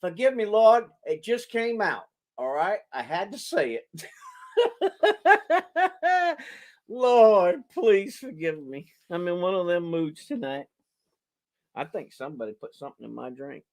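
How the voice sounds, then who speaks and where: A man's voice: high voice, sing-song, slow pace, pauses often. A man, a preacher hosting a charity live stream from home, rambling and joking and laughing at his own lines. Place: home, indoors.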